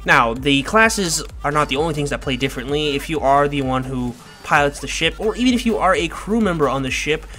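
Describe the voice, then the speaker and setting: A man's voice: mid-range voice, sharp tone. A man casually explaining a video game in a rambling, self-joking tutorial commentary. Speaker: gaming video creator. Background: faint background music.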